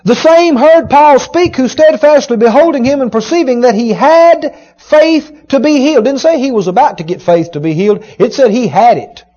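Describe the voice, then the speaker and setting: A man preaching a sermon, retelling a story with emphatic, dramatic rising shouts. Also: extremely high pitch, lively intonation, moderate pace, few pauses. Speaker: pastor. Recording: dull lo-fi sermon recording.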